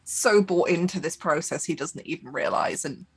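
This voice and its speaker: A woman's voice: on the low side, moderate pace, slightly rough. A woman player in a tabletop game, describing her cat character in chatty casual talk. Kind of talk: casual role-play chat.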